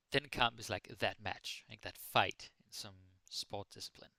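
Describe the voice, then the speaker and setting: Male Danish tutor, easygoing and jokey; low, gravelly, bright-edged voice; close, dry mic. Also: slow pace, no echo. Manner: relaxed, playful, mixing Danish and English with jokey examples. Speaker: Danish language teacher. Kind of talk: casual live-stream language lesson. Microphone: close microphone.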